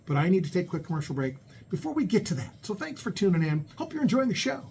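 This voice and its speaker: A middle-aged American man hosts a radio show, talking in a folksy, chatty way and repeating words as he restarts. His voice sits a little high for a man. A faint hiss and low ambience run under him at the studio mic. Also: sing-song, fast, creaky, a little mellow. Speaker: radio show host and real estate agent. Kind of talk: talk radio monologue.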